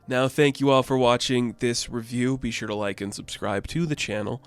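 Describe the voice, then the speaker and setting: A man's voice: mid-range voice, moderate pace, smooth. Man, casual review vlog, rambling, filler-heavy, faint music underneath. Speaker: comic book reviewer.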